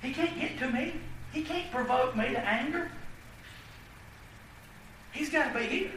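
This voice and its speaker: A man's voice: very high-pitched, unhurried, fairly bright tone, recorded from a distance, slight background noise. A man, preaching a folksy, emphatic sermon to his congregation in a church. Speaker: pastor. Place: church sanctuary. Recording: echoey room, voice from off the mic.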